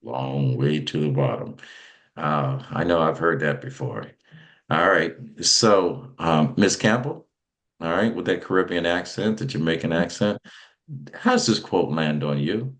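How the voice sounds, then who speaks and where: A man hosting a talk podcast, speaking in a halting way with frequent restarts and fillers. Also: rumbling low, a bit bright. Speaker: podcast host. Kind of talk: casual talk show hosting.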